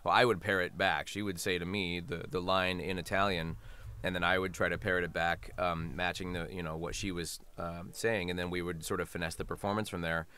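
A man's voice: sits low, level tone, brisk, sharp tone, clean tone. A man talking as a voice actor guest in a casual interview, chatty and laughing often.

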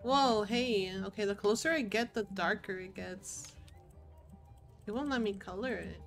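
A woman's voice: medium pitch, unhurried, vocal fry, faint music behind. A woman chatting playfully through a video game playthrough, talking to her viewers as she plays. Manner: chatty, playful, talks to chat while playing. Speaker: gaming streamer. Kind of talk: casual let's-play commentary.

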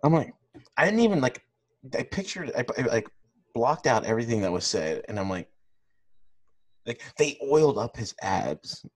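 A man's voice: mid-range voice, sing-song, normal speed, long pauses. A man co-hosting a casual podcast, rambling with lots of fillers. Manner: laid-back, rambling with many fillers. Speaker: podcast co-host. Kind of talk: casual chat.

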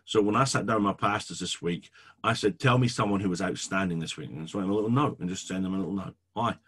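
A middle-aged pastor teaches a sermon to church leaders, preaching in an emphatic, repetitive, animated style. His low voice is slightly rough, and he talks fast.

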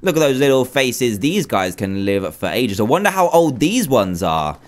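A man hosting a game video, commenting excitedly with frequent gushing exclamations. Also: mid-range voice, normal speed. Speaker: gaming video host. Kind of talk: let's play commentary.

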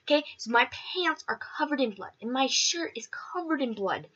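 Woman vlogger, lively swooping pitch, chatty rambling storyteller who acts out quotes. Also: normal speed, slightly rough, lo-fi sound. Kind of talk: casual storytelling.

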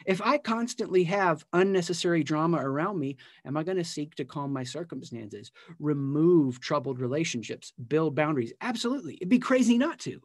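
A man with a slightly higher voice teaches a personal growth session at a live community event. He talks emphatically, repeats his key phrases and builds energy toward his points. The sound is close and dry, with no room echo. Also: lively intonation, a little fast, hardly any pauses. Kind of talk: live motivational teaching talk.

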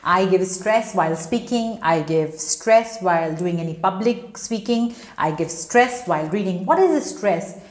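A woman's voice: fairly low pitch, lively intonation, a little slow, reverberant. A woman, teaching an online lesson to students, emphatic and repetitive. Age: 30s. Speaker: English teacher. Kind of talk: online spoken English lesson.

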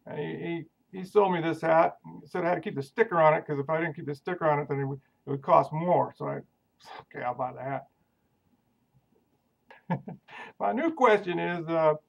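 A man rambles through a casual video message in a folksy, deadpan way. His voice is gravelly with plenty of fry and sits slightly high. The audio is dull and lo-fi. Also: a little fast. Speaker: viewer sending a video question.

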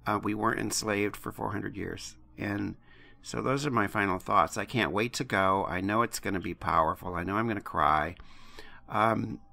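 Gravelly, bright-voiced man co-hosting. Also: on the low side, moderate pace. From United States. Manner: impassioned, blunt, swears freely. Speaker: podcast co-host. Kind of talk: casual podcast chat.

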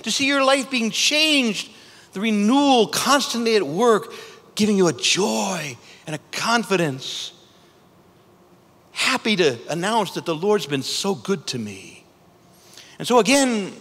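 Priest guy preaching at a conference, voice going up and down a lot, chatty, lots of questions. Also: medium pitch. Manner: animated, conversational, with rhetorical questions. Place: large conference hall. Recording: echoey conference hall.

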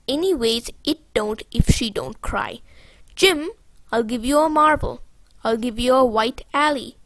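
A woman's voice: fairly high pitch, expressive, unhurried, no echo. A woman voicing an eager, scheming young boy in a storybook reading, coaxing and persuasive.

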